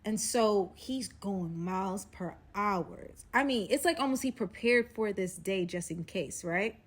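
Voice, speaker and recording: A young woman spins a wild personal story in a casual storytime, full of slang and drama. She drops to near whispers, then builds right back up, while her pitch sits right in the middle. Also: unhurried. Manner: dramatic and slangy, swings from hushed to loud.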